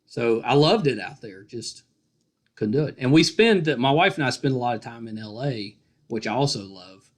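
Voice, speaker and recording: A middle-aged man with a Virginian accent hosting a casual podcast interview over a video call, chatty and joking, often trailing off softly. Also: mid-range voice, lively intonation, normal speed. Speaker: podcast host.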